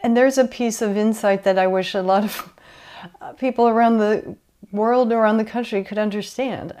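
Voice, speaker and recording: Mellow-voiced woman interviewer. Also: mid-range voice, fairly even intonation, moderate pace, smooth.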